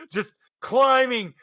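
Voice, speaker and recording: A man narrating as game master, laughing often and tossing in quick character voices. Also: very high voice, pushed and bright.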